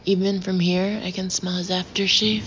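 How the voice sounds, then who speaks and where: A woman narrating a first-person audiobook in a wry, measured way. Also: on the low side, little pitch movement. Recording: dull lo-fi audio with faint hiss.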